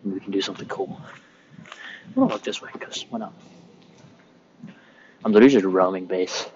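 Low-voiced young man rambling outdoors. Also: brisk, darkish tone, dull audio, a little hiss or hum. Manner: rambling, loose and profane. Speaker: sailor recording a podcast. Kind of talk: casual rambling monologue while walking. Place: outdoors on a military base, cold.

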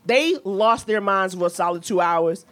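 A woman co-hosting a podcast, telling a comic story in a lively, profane way. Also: medium pitch, moderate pace. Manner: profane, lively, slips into voices for the people in her stories. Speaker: podcast co-host.

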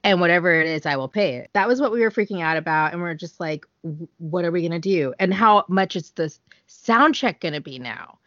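A woman co-hosting a podcast in casual chat, talking fast and loose with lots of fillers and frequent laughs. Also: on the low side, expressive, a bit bright, dry recording. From United States. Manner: chatty, laughs often, many fillers. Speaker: podcast co-host. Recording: dull, dry podcast audio.

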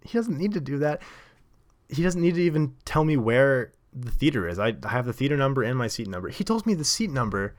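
A man's voice: medium pitch, very animated, fairly quick. A man hosting a show, telling a story in a rambling, casual monologue full of fillers and self-corrections. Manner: rambling, lots of likes and self-corrections, laughs often. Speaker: podcast host.

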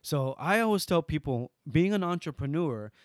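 A man with a Hawaiian accent, a guest in an interview, who tells stories animatedly and swings from loud bursts to soft asides. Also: a little high, animated, moderate pace, dry recording, clean studio sound. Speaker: guest entertainer. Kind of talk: storytelling interview.

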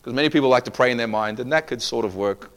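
A man's voice: medium pitch, quick pace, fairly bright tone. A man preaching a sermon as pastor, emphatic, acting out quoted people in asides.

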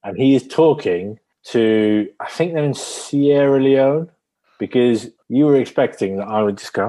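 A man's voice: on the low side, moderate pace, mellow. A man co-hosting a podcast in casual chat, with a dry, wry, playful way of talking. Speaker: podcast co-host guessing film accents.

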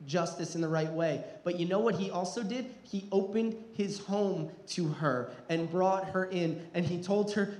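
A man's voice: sits high, moderate pace, few pauses, a little mellow. Earnest male preacher in an echoey hall. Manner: earnest, repeats words when restarting, rises in intensity. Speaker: pastor. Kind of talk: sermon.

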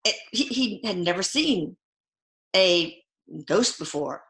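Woman, middle-aged, interview guest, halting speech with many fillers, echoey room. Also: medium pitch, lively intonation, a bit bright. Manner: halting, full of fillers and restarts. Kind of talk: casual interview storytelling.

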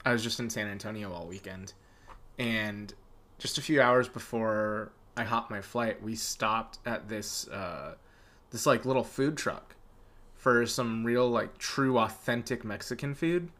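A man co-hosting a casual podcast, chatty and animated, laughing often as he tells stories. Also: mid-range voice. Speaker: podcast co-host. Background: dog whining.

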